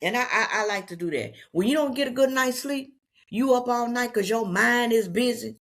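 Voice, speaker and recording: A woman's voice: fairly high pitch, normal speed, fairly bright tone. A woman with a Southeast Texas accent, talking casually and unscripted to her viewers in a chatty, folksy way. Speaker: vlogger.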